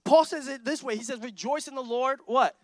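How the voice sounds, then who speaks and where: A man preaching a sermon as lead pastor, energetic and emphatic, repeating lines and building intensity. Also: very high-pitched, brisk, no room sound, clean studio sound. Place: church sanctuary.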